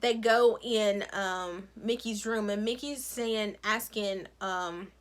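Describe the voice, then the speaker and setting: A woman recapping a TV episode with sassy, animated commentary. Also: mid-range voice, slow. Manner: sassy, expressive storytelling with playful asides. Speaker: recap vlogger.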